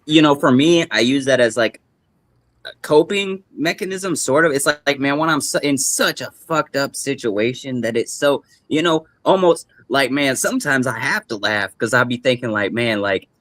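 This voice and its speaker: A man's voice: medium pitch, lively intonation, moderate pace, fairly bright tone, dry recording. A young man talking loosely and at length as a guest on a podcast, full of slang, restarts and laughter. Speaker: guest musician. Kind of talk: casual podcast chat.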